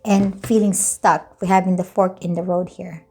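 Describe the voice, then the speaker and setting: A woman talks through a tarot reading in a warm, mellow voice. She explains in a casual, rambling way, circling back to restate her points. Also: fairly low pitch, flat delivery, moderate pace, faint music behind. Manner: chatty, loosely explaining, repeats and rephrases. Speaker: tarot reader.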